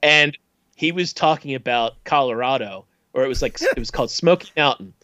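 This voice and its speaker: Animated man telling a story, dull recording. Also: mid-range voice, normal speed, dry recording. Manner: animated, laughing, mimics people he quotes. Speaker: storyteller on a chat podcast. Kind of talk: casual storytelling.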